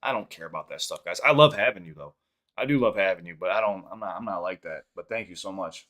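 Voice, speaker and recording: A young adult man from the Chicago area speaks fast, with a low-pitched, slightly bright voice. He hosts a casual live-stream podcast, reading chat questions aloud in a loose, rambling, profane way.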